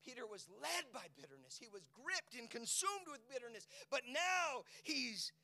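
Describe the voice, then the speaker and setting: A male preacher giving a sermon, asking his listeners questions and moving between hushed whispers and loud, shouted peaks. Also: extremely high pitch, huge pitch swings, moderate pace, few pauses. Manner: asks the congregation rhetorical questions.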